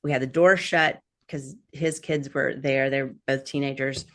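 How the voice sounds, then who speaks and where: A woman's voice: very deep voice, fairly even intonation, unhurried, a bit bright. A middle-aged woman, a podcast guest, telling rambling personal stories with lots of fillers and laughs. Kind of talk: casual chat.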